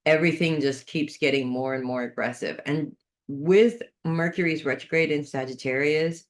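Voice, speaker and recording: A chatty astrologer talks through a weekly horoscope in a loose, unscripted way. The speaker restarts phrases while thinking aloud and gives earnest advice in an everyday mid-range voice. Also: mid-range voice. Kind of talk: casual unscripted horoscope monologue.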